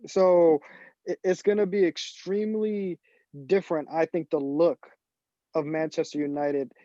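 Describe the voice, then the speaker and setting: Talkative man with a higher voice. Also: fairly even intonation, a little slow, dark tone, no echo, lo-fi sound. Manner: analytical, thinking aloud with restarts. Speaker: podcast co-host. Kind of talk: casual sports chat.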